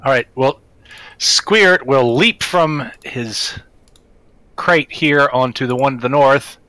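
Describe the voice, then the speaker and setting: A man playing a tabletop game, talking casually in a loud, playful way. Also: mid-range voice, slow, no echo. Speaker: player.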